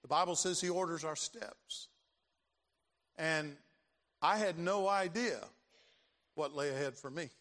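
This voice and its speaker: A man's voice: fairly high pitch, a little slow, long pauses, a bit bright. An older man preaching a sermon as pastor, dramatic and given to repeating his phrases. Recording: long reverb of a large hall.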